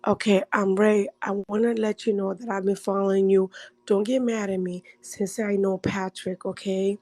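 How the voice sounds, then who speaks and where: Tearful woman guest, gravelly voice, earnest and halting. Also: medium pitch, flat delivery, warm tone, no echo, rough recording. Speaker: livestream guest. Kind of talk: emotional casual talk.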